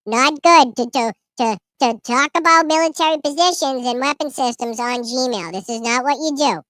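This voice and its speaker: A man putting on a high whiny baby voice. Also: pushed and bright, clear, resonant tone, no echo. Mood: mock-earnest. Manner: slow, simple, sing-song baby talk. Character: whiny baby-talking small child scolding adults.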